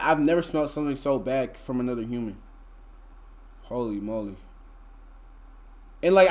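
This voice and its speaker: A young man, telling a story to his live chat in a laid-back, slangy, rambling way full of fillers. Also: a little high. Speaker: streamer.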